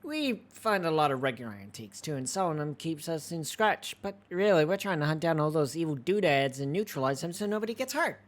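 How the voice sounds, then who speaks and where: A game streamer voicing a friendly, earnest young woman who runs an antique shop, in a soft, quiet voice. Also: medium pitch, very animated, a little fast, hardly any pauses, close to an everyday voice.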